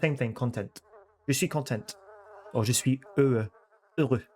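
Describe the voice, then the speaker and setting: Talking at a normal speed and an average pitch, a chatty man addresses his stream viewers from a room in his home. He repeats words, breaks off mid-phrase to correct himself, and keeps up a relaxed, rambling casual chat.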